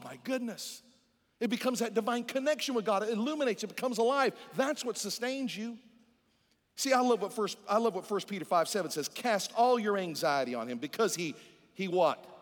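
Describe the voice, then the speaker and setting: High-voiced preacher in a reverberant hall. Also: male voice. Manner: preaching with call-and-response to the congregation; swings between loud emphatic lines and low, hushed ones. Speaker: pastor. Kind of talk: sermon. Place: large church hall. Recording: long reverb of a large hall.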